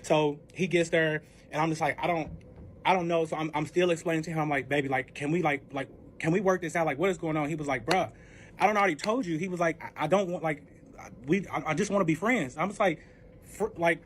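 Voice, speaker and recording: A young man telling a personal story in a casual vlog, animated and profane, acting out both sides of the conversation. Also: a little high, quick pace, slight background noise.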